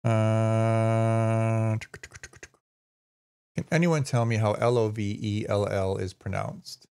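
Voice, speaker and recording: A man with a slightly low voice chats casually on a live stream. He reads news aloud and rambles, stumbling over names and swearing now and then. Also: fairly even intonation, takes it slowly, darkish tone, clean tone. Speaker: streamer host.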